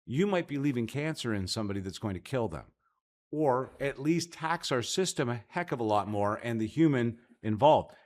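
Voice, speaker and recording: A man from Canada co-hosting a casual policy talk show, earnest with quick jokey asides. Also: medium pitch, lively intonation, a little mellow. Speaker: podcast co-host. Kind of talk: casual chat about policy.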